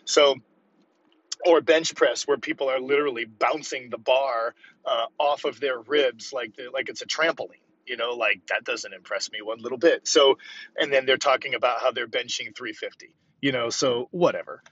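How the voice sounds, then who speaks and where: A man in his fifties talking casually about strength training while driving to work, fast and rambling, highly caffeinated. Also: a bit bright, slightly rough, muffled recording. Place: car on the way to work.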